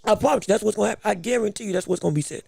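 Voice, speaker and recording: High, gravelly-voiced man hosting live commentary. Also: rapid-fire, darkish tone, no room sound, clean studio sound. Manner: emphatic, repetitive, joking banter. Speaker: podcast host.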